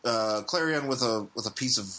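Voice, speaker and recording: A man co-hosting a podcast, chatting casually about comics in a rambling way, with many halting restarts. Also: mid-range voice, bright, forceful tone. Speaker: podcast co-host.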